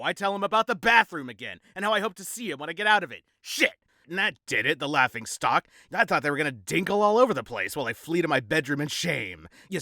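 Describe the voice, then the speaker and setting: A man's voice: on the high side, sharp tone, no room sound, studio quality. A man narrating a novel in first person, with a sardonic, rambling, wry delivery. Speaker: audiobook narrator.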